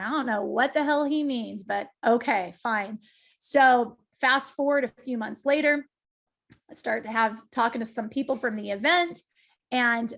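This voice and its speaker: A woman's voice: fairly high pitch, vocal fry. A middle-aged woman giving a talk, telling a personal story with emphatic energy and frequent asides to her listeners. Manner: lively, emphatic storytelling with direct asides to the audience. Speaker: guest speaker.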